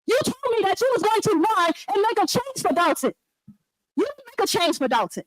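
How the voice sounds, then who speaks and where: A woman's voice: very high voice, sing-song, a little fast, slight background noise, low-quality recording. A woman resident making a fiery, accusatory public comment at a meeting, speaking close on the microphone while ill and anxious. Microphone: meeting hall microphone held close.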